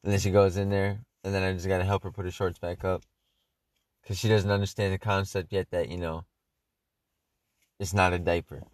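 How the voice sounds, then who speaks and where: Laid back guy, kinda low voice, says like and you know a lot, dry mic. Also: fairly quick, pauses often, dry recording. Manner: relaxed, easygoing, heavy on "like" and "you know". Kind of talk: casual chat.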